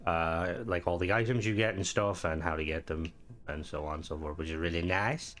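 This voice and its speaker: A man's voice: sits low, fairly even intonation, brisk, a bit bright. A man giving casual gameplay commentary while reviewing a game mod, thinking aloud and reacting as he plays.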